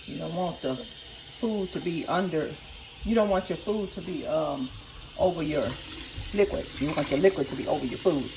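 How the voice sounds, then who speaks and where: A woman with a low-pitched voice chats casually at a normal pace as she walks viewers step by step through her home cooking. She's a regular cooking vlogger filming in her home kitchen, with background noise and the clatter of pots and dishes behind her.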